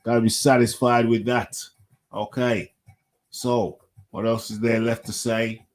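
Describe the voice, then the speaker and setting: A man's voice: medium pitch, flat delivery, unhurried. A middle-aged man, hosting a casual solo fight recap and rambling, repeating himself and chuckling. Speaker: host of a combat sports radio show.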